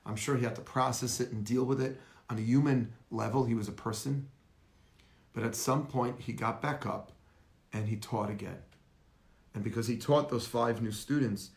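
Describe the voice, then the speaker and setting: In an echoey room, a man with a mid-range voice and vocal fry delivers a livestreamed lecture as a rabbi on Facebook Live. His style is storytelling, with rhetorical questions and greetings to viewers by name.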